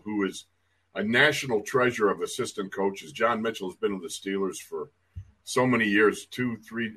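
A man's voice: on the low side, sharp tone, slightly rough. A man co-hosting a football podcast, telling old coaching stories with laughs and emphasis. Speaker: co-host, former player. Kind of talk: casual podcast chat.

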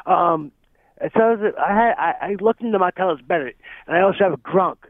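A man's voice: sits high, fairly quick, no room sound. Chatty man on a tinny phone line. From Rhode Island. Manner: chatty, rambling. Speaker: caller.

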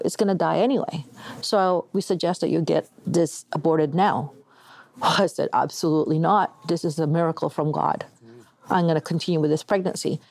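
Middle-aged woman from Canada, interview guest, lowish voice, animated storyteller who acts out quotes. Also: dry recording. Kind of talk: telling a personal testimony.

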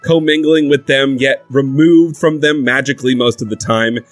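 A man's voice: medium pitch, steady tone, moderate pace, no room sound, faint music behind, natural voice. A man voicing a nervous young interviewer in a comedic audio drama, polite and prone to stammering. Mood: earnest. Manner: polite, stammering, easily rattled. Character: nervous young male interviewer of magical folk.

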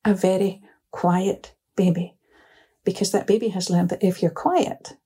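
Warm, husky woman explaining. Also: on the low side. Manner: calm, measured, often laughs while telling a story. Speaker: psychotherapist guest. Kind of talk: explanatory interview talk with anecdotes.

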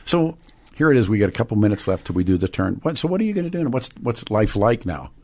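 A man's voice: lowish voice, very animated, fast talker, darkish tone. A man hosting a radio talk show, chatting casually with callers and guests and laughing often.

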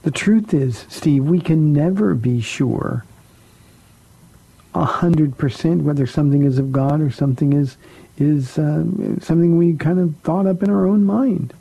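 A man's voice: fairly high pitch, unhurried, creaky, dark tone, breathy edge, rough recording. A man, a pastor, hosting a radio call-in show and answering Bible questions in a conversational way, often repeating words for emphasis.

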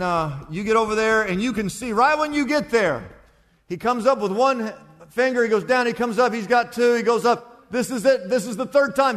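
High voiced preacher guy telling a story, acts out the voices, big echoey hall. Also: a bit bright. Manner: storytelling with acted-out voices and repetition. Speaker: pastor. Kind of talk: sermon.

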